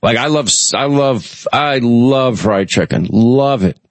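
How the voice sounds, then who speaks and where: A man's voice: medium pitch, unhurried, dry recording. A man hosting a call-in radio show, telling rambling, chatty stories with lots of restarts. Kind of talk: casual talk radio chat.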